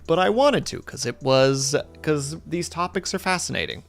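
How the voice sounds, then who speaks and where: A man's voice: a little high, lively intonation, normal speed. A man streaming live, chatting casually and rambling with his viewers in a self-deprecating way.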